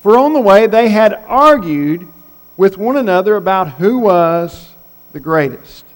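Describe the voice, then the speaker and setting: A man's voice: sits high, animated, measured pace. A man preaching a sermon in a conversational way, posing rhetorical questions to his listeners. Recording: long hall reverb.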